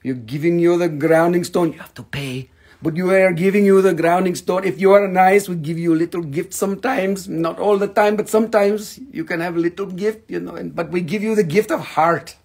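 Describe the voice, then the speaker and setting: A man hosting a live-stream crystal sale, rambling and joking in a goofy, playful way with sudden shouts. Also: high-pitched, fairly quick, vocal fry.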